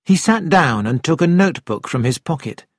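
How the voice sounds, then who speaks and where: A man giving steady, plain scripted narration for an audiobook. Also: a little high, normal speed, no room sound, clean studio sound.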